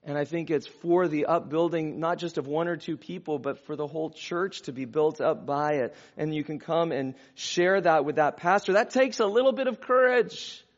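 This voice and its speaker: A man's voice: on the high side, moderate pace, hardly any pauses. A man preaching a conversational sermon as a pastor, with easy asides and chuckles. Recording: dull lo-fi sound.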